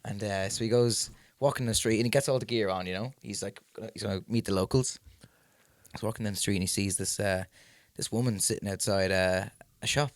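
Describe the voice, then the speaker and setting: A man's voice: fairly low pitch, fairly quick, dry recording. A young man co-hosting a podcast, bantering and laughing loosely as he trades jokes. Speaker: podcast co-host. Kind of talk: casual chat. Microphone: podcast microphone.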